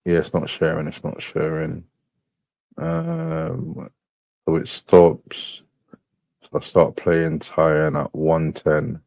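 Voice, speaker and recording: A man's voice: a bass voice, takes it slowly, gravelly, a little mellow, no room sound. A man hosting a live stream, muttering asides to himself as he plays clips. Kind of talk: casual live-stream chat.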